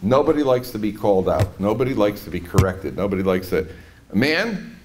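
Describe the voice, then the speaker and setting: A middle-aged man giving a humorous Torah lecture on marriage, telling stories and swinging between soft asides and emphatic peaks. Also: lowish voice, sing-song, normal speed, a little hiss or hum. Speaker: rabbi lecturer.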